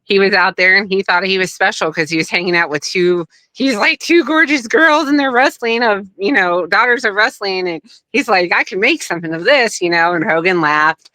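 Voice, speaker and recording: A middle-aged woman tells a personal story in casual conversation. Her voice is bright and smooth. She is animated and acts out other people's lines as she goes, recorded dry with no room sound. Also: medium pitch, normal speed, hardly any pauses, no room sound, rough recording. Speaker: guest, wrestler's daughter.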